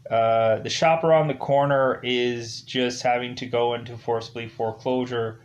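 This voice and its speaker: A man's voice: medium pitch, fairly even intonation, normal speed, muffled recording. A man giving a casual, rambling spoken film review, leaning heavily on fillers like "ultimately" and "like". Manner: loosely acts out characters' lines in quotes.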